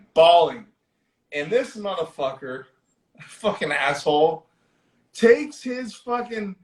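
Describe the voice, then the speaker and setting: Animated cursing guy chatting horror movies on a live stream, roomy echo. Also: a little high. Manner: animated, profane, retells scenes with voices. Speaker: podcast host. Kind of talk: casual movie discussion. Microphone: livestream.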